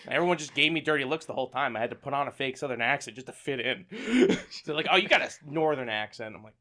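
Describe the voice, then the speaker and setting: A man's voice: medium pitch, expressive, fast talker, sharp tone. A young man from the Jersey Shore co-hosting a college podcast, telling a casual story. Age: young adult. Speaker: podcast co-host.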